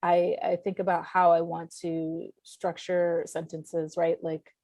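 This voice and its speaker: Low, mellow-voiced woman speaking thoughtfully. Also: level tone, takes it slowly, no room sound. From Puerto Rico. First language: Spanish. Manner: thoughtful, searching, with frequent restarts and fillers. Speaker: guest comics writer. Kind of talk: casual conversation.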